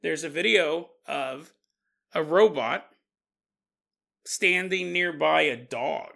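A male podcast host tells an odd tale with jokey asides and frequent chuckles. His voice sits high and bright with a gravelly edge. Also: takes it slowly. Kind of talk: comedic paranormal storytelling.

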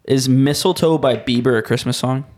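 A man's voice: mid-range voice, normal speed, darkish tone. A young man co-hosting a podcast, easygoing and jokey in casual chat. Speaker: podcast co-host.

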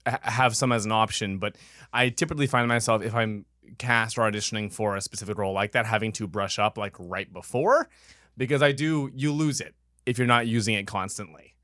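A man who is an actor, talking as a podcast guest in a relaxed, thoughtful way. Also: on the low side, fairly quick, no room sound, studio quality. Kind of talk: casual interview talk.

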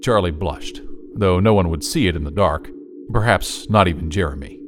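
A man's voice: deep voice, moderate pace, noisy background. A man narrating a children's story in an audiobook.

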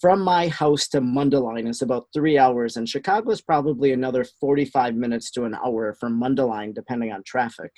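Steady man with a Wisconsin accent. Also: medium pitch, fairly quick, few pauses. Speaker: guest. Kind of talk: casual interview answers.

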